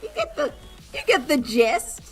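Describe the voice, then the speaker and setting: A woman's voice: sits high, huge pitch swings, measured pace, a bit bright, soft background music. A young woman chatting casually on a livestream, giggly and rambling with lots of fillers. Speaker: streamer and artist.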